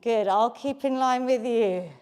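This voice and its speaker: A woman fitness coach leads a live home workout from her basement. Her voice sits high and she takes her time, counting reps and cheering everyone on. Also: unhurried, darkish tone, clear, resonant tone. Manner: encouraging, counts reps aloud. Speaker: fitness instructor.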